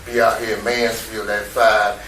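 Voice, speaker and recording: A man's voice: fairly low pitch, level tone, normal speed, bright, forceful tone, slight background noise. Profane, rambling man, echoey distant room. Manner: profane, streetwise, repeats himself. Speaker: interviewee recounting events to detectives. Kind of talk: emotional casual retelling.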